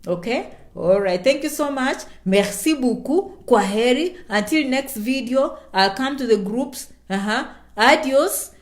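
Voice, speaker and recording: Animated woman talking in an echoey room. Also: high voice, unhurried, few pauses. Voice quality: animated, emphatic repetition. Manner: chatty, self-promoting, speaks of herself in third person. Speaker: YouTuber answering viewer questions. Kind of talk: casual livestream Q&A.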